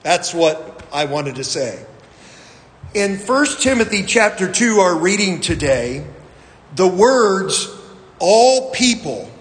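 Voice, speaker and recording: A man's voice: high-pitched, very animated, slow. A male pastor delivering a sermon in a church, reading scripture and telling folksy, self-deprecating stories with frequent fillers. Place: church sanctuary. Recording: long hall reverb.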